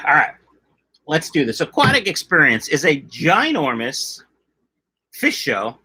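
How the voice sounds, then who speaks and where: A man's voice: fairly high pitch, wildly swooping pitch, takes it slowly, bright, forceful tone, breathy edge. A middle-aged man hosting a casual livestream, chatting loosely and reading out viewer comments in a jokey way. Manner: chatty, jokey, drifts off topic. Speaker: livestream host of a fish-keeping channel.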